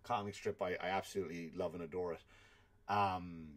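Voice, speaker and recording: A man with an Irish accent, a comedian hosting a podcast, telling stories in an animated, swear-filled rant. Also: sits low, a little fast. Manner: animated storytelling with frequent swearing. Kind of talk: ranting comedic monologue.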